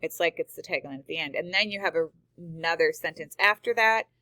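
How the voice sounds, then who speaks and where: A woman's voice: low voice, brisk, bright, forceful tone, dry recording. Woman teacher explaining grammar, dry sound. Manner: explanatory, walks through examples aloud. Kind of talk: screen-recorded grammar lesson.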